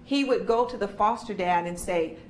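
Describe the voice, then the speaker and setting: A woman's voice: medium pitch, normal speed. Woman trainer leading a workshop. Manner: animated, acts out kids' voices in stories. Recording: echoey room with faint noise.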